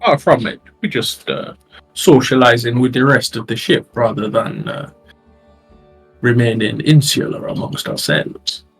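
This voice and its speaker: A man role-playing his character in a tabletop game, speaking haltingly with many pauses. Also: medium pitch, a bit bright, husky, soft background music, low-quality recording. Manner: halting, measured, many fillers. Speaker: player.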